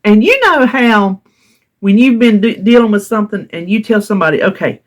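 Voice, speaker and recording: A woman's voice: medium pitch, animated, fairly quick. A middle-aged woman, telling a story to her vlog audience in a chatty way and laughing often. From North Carolina, US. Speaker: vlogger. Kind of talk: casual storytelling.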